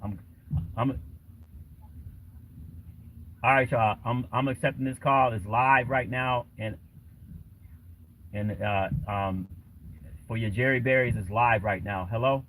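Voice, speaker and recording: A man's voice: medium pitch, steady tone, takes it slowly, long pauses, fairly bright tone, a little hiss or hum, rough recording. A man hosting a casual livestream, talking in a rambling way with lots of fillers. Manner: rambling, many fillers and restarts. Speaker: livestream host.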